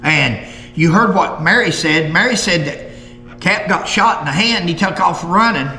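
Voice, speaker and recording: A folksy man talks history in a fairly high, bright voice that rings out in a hall-like room with a long reverb. He is opinionated, and he slows right down to hammer home a point. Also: lively intonation, faint music behind. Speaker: history show host. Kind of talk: casual history talk, reading old articles aloud.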